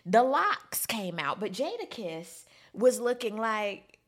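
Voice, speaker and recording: A woman giving sassy, animated casual commentary, breaking into squealing high quotes. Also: measured pace.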